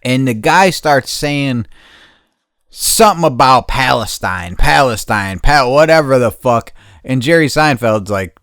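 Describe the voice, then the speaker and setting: A man's voice: medium pitch, lively intonation, a little slow, a bit bright, no room sound, clean studio sound. A male podcast host talking outdoors in a casual, rambling rant, blunt and defiant, swearing freely. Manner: rambling with tangents and restarts. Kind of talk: casual ranting monologue. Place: outdoors in the heat.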